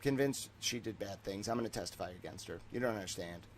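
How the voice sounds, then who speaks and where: A man hosting a stream, talking in a rambling, digressive monologue that swings between loud and mumbled. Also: fairly low pitch, fast talker. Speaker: streamer host.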